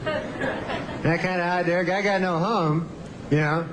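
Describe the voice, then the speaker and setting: A man doing deadpan, rambling comedy in an old clip. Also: high-pitched, unhurried. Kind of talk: stand-up and sketch comedy. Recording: archival clip with loud audience and noise.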